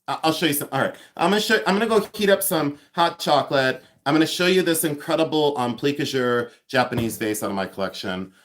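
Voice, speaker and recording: A man from the United States hosting a casual livestream from his home. He jokes, laughs a lot and talks loudly, and he has a runny nose. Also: medium pitch. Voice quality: animated and joking, laughs often. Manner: loud, calls out from across the house. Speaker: livestream host. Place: home, moving between rooms.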